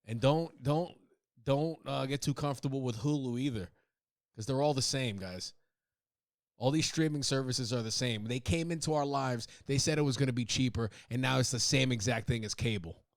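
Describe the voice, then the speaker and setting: A podcast host riffs through a casual comedic monologue, loose and profane, laughing at his own jokes. His medium-pitched voice moves at normal speed in clean studio sound with no room sound.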